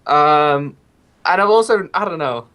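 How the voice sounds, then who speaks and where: A man's voice: fairly high pitch, lively intonation, unhurried, sharp tone, clear, resonant tone. Hesitant man stammering in casual chat.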